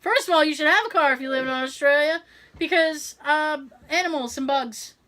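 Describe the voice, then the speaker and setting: A woman's voice: high-pitched, normal speed. A woman co-hosting a podcast, telling stories in casual chat and laughing often. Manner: animated, laughing storyteller. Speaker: podcast co-host.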